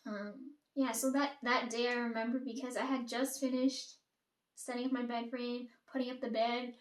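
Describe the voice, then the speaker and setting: A young woman rambles through a casual storytime, swearing freely and repeating what others said to her. Her slightly high voice keeps a fairly even intonation and moderate pace. She sits some distance from the mic, with a roomy echo.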